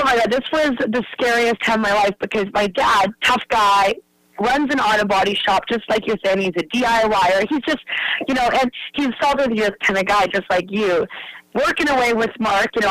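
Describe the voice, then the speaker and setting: A woman guest in a casual interview, telling an excitable, rambling story. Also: fairly high pitch, moderate pace, dry recording, low-quality recording.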